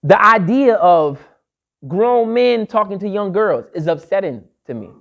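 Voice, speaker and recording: A man's voice: sits high, animated, a little slow, vocal fry, fairly bright tone, dull audio. A man lecturing to a live audience, emphatic and repeating his key phrases like a refrain. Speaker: speaker addressing an audience.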